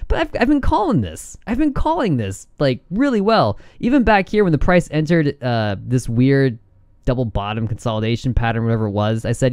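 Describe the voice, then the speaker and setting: Excitable trading vlogger, male, mid pitch, smooth voice, dry close mic. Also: fairly quick, no echo. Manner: excitable, laughs and whoops, giddy. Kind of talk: casual chart commentary.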